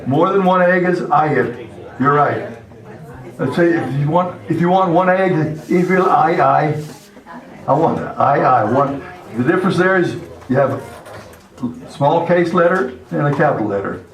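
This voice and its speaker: Slow older Texan man teaching a class. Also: on the high side, animated. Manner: slow, patient, spells words out letter by letter. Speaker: language teacher. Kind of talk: classroom lesson. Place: classroom or meeting hall. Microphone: far camera. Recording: echoey hall from far off with murmuring class.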